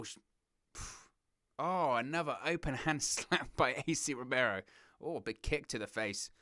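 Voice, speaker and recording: A young man from southern England with a southern English accent, hosting a wrestling watch-along with excitable play-by-play commentary. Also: mid-range voice, clear, resonant tone, no room sound, clean studio sound. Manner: excitable play-by-play, giggles at puns, reads chat.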